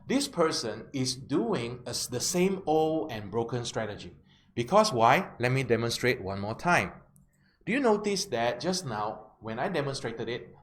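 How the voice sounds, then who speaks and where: A man in a roomy space, teaching as a life coach in an animated storytelling way. His pitch sits mid-range, and a faint hum sits under the voice. He keeps asking his listeners whether they follow. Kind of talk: storytelling self-help lesson. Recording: roomy with faint background noise.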